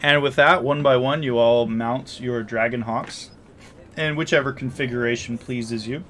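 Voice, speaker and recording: A man narrating a tabletop game as game master, with frequent pauses and fillers. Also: medium pitch, fairly even intonation, fairly bright tone, slight background noise. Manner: hesitant, filler-heavy narration.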